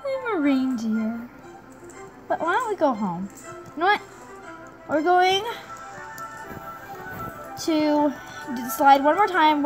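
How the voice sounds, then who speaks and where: A young woman giving excited gameplay commentary, giggling and squealing with delight as she plays. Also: high voice, low-quality recording. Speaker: gaming video creator. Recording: game music playing behind.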